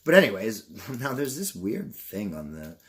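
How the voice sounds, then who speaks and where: A man's voice: lowish voice, sing-song, moderate pace. A young man from Canada opening boxes in a casual vlog, rambling and swearing and getting sidetracked. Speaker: vlogger.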